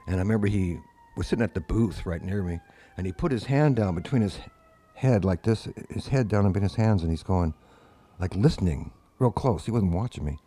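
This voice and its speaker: A man's voice: deep voice, fairly quick, breathy edge. An older man, a guest musician, telling long anecdotes in casual conversation and acting out the people he quotes. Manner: anecdotal, animated quoted voices. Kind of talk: casual storytelling.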